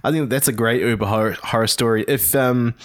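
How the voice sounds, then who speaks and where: A man's voice: medium pitch, steady tone, fairly quick. A man co-hosting a podcast in an easygoing, casual way with lots of fillers. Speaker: podcast co-host. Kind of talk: casual chat.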